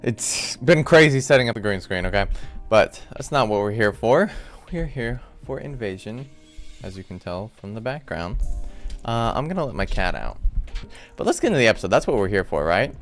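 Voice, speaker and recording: A man hosting a casual, rambling breakdown of a TV episode from a room at home, full of animated asides. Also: on the low side, moderate pace, faint music behind. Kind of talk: casual recap commentary.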